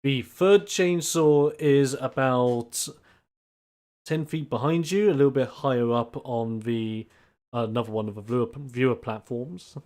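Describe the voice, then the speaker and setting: A game master running a tabletop wrestling game, animated and quick to laugh. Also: medium pitch.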